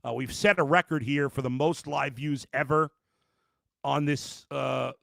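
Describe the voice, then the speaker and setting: A man's voice: mid-range voice, fairly even intonation, unhurried, creaky, fairly bright tone, no echo. A middle-aged man hosting a live sports podcast, ranting emphatically at viewers with lots of restarts. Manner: addresses viewers directly as folks. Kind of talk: live postgame reaction podcast.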